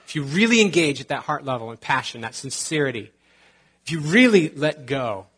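A man's voice: fairly high pitch, very animated, brisk, a bit bright, slightly rough. A man preaching a sermon as pastor, conversational with joking asides and quotes from scripture.

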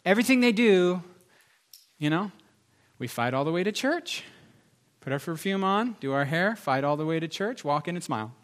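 A man delivers a lively sermon in a slightly high voice. He punches key phrases loudly, then drops into hushed, confiding tones. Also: normal speed, pauses often. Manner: animated preacher, swings from loud emphasis to soft confessional tones. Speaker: pastor.

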